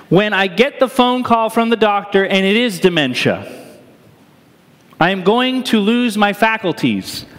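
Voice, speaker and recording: Casting: male pastor, high, very animated delivery, wry humor, long church reverb. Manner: conversational, self-deprecating humor, asks "right?" often. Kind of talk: sermon. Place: church sanctuary.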